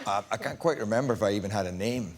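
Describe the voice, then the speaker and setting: A man's voice: on the low side, very noisy. A man who is an actor, telling a funny anecdote as a chat show guest and acting out the quotes. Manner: animated storyteller, acts out quotes.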